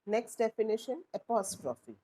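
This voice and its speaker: A woman, teaching a class and explaining slowly with rhetorical questions. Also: a little high, big pitch swings, mellow, slightly rough, low-quality recording. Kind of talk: classroom lesson.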